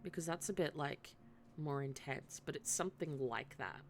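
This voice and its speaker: A woman's voice: sits low, expressive, moderate pace, a little hiss or hum. A woman live-streaming a game, chatting casually and thinking aloud in a chatty, self-deprecating way. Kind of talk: casual gaming stream chat.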